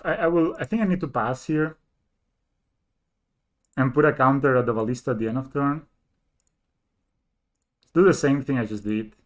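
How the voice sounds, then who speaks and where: A man streaming a card game, thinking aloud as he counts plays and muttering to himself. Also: medium pitch. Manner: thinks aloud, counting and muttering, bursts into excited laughing disbelief. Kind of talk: live gameplay commentary.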